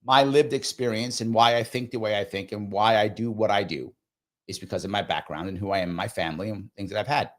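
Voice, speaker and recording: A man's voice: on the low side, a little fast, fairly bright tone. A middle-aged man hosting a live discussion show, talking casually and earnestly to his audience and sometimes acting out quoted dialogue.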